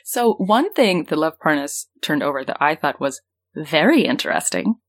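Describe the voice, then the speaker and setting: A woman's voice: deep voice, big pitch swings, moderate pace. A woman hosting a podcast, explaining news in casual, rambling chat full of fillers. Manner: rambling, lots of "um" and "like", laughs easily. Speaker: podcast host.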